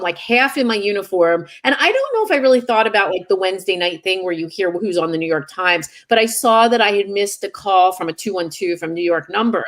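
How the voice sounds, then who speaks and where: A woman's voice: medium pitch, a bit bright. A middle-aged woman author being interviewed, candid and self-deprecating as she tells anecdotes. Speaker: author guest. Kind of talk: casual interview chat.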